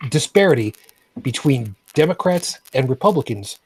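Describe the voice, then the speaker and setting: Husky, lively male podcast co-host. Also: medium pitch, moderate pace, poor audio. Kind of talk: casual political chat.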